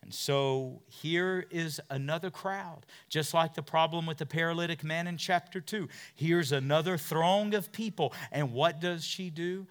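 A man preaching a sermon and retelling scripture stories, swinging from loud, urgent passages to hushed asides and asking his listeners question after question. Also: fairly high pitch, measured pace, hardly any pauses, smooth. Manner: asks the listeners many questions.

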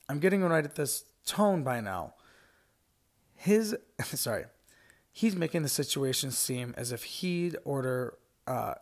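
A man's voice: medium pitch, vocal fry. A man hosting a podcast, reading listener stories aloud in a casual, rambling way with lots of fillers and asides. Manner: rambling, frequent fillers and asides, laughs often. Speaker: podcast host.

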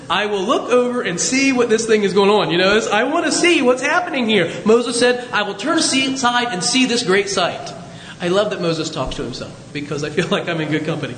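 A male pastor preaching a sermon with lively storytelling, jokes and asides, recorded in an echoey hall with a faint rumble.

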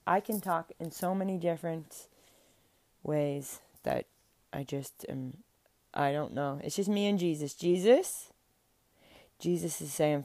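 A woman's voice: low-pitched, measured pace, long pauses, mellow, no echo. A young woman talking into a mic at home in a casual, earnest, rambling monologue about her faith, with many restarts and fillers. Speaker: faith vlogger. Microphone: speaking into a mic.

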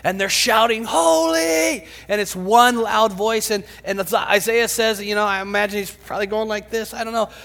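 A man preaching a sermon, dramatic, swinging from shouts to whispers. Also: high-pitched, flat delivery, fairly quick, few pauses. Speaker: pastor. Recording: long hall reverb.

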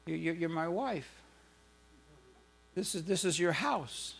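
A man voicing a kind, wealthy husband who gently welcomes his wife home. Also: on the high side, expressive, takes it slowly, creaky, husky, heavily acted. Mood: tender. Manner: tender, soothing.

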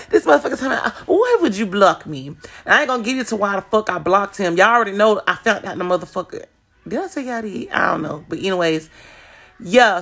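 A woman's voice: medium pitch, a bit bright. A woman running a podcast solo, swearing freely as she rambles. She is blunt and loose, and she talks straight to her listeners like friends. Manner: profane, rambling, blunt storytelling; addresses listeners directly. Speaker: podcast host. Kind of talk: casual solo podcast chat.

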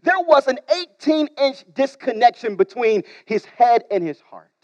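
A man preaching a sermon as pastor, talking straight to the congregation, swinging between loud emphasis and quiet asides. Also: very high-pitched, very animated, measured pace, no room sound, muffled recording. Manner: repeats words, talks straight to the congregation.

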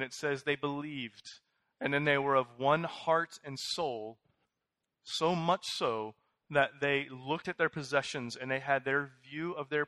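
Male pastor, thirties, bright and punchy, slightly high, casual restart-heavy preaching, dry close mic. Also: no room sound. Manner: conversational, animated, many fillers and restarts. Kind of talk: sermon.

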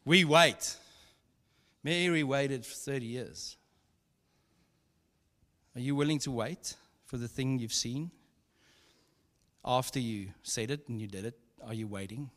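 Slow and given to long pauses, a man with a mid-range, slightly bright voice preaches a sermon as pastor. He keeps it chatty and humorous, telling stories with laughs and many asides, and the recording has a long hall reverb.

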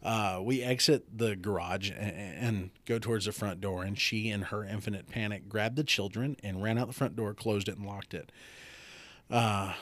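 This podcast host has a somewhat low male voice and keeps a moderate pace as he tells a story casually. Lively throughout, he slips into the voices of the people he's quoting.

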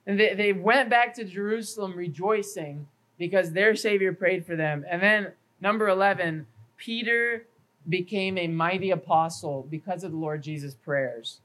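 A man's voice: high voice, moderate pace, fairly bright tone, rough recording. A man, a pastor, preaching an earnest sermon at a church evening service, working through numbered points and scripture references, sometimes stumbling and repeating a word. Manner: stumbles and repeats words now and then.

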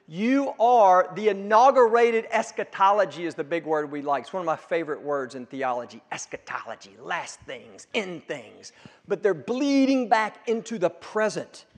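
High-voiced preacher in a reverberant sanctuary. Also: male voice. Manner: building emphatic repetition, rising to forceful peaks. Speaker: pastor. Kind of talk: sermon. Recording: long reverb of a large room.

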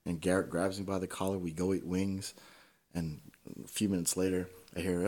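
A man's voice: low-pitched, level tone, moderate pace, a little mellow. A man telling stories as a podcast guest in casual conversation, swearing freely and tagging his points with "right?".

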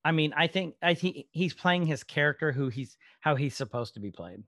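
Animated man on a dry mic. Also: fairly high pitch, moderate pace, no room sound. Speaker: podcast co-host. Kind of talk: casual chat.

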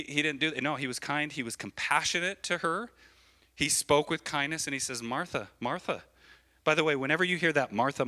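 A man preaching a sermon as a pastor in church, animated and repetitive, often checking in with his listeners. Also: medium pitch. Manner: animated, repeats phrases, keeps asking the crowd "right?".

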